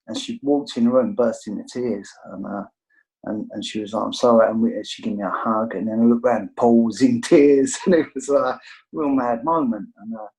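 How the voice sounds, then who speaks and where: A middle-aged man from England, with an English accent, tells his recovery story over a video call. His medium-pitched voice has a darkish tone and the audio is poor; his casual storytelling is rambling, candid, and full of fillers.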